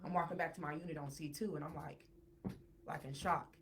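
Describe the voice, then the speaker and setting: A woman guest on a podcast, telling a personal story in a casual, animated way and repeating words when she gets worked up. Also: low voice, a little fast, a little hiss or hum.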